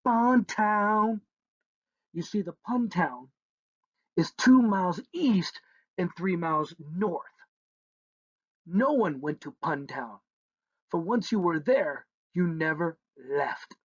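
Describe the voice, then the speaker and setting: A man's voice: on the high side, lively intonation, takes it slowly, long pauses, slightly rough, no room sound. A man narrating a children's story in a playful way, humming sound effects between lines, on a dull lo-fi recording.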